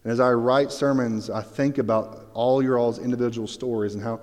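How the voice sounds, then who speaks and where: Animated preaching man in a reverberant hall. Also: medium pitch, normal speed. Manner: animated storytelling, acts out Bible scenes. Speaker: pastor. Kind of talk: sermon. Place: church sanctuary.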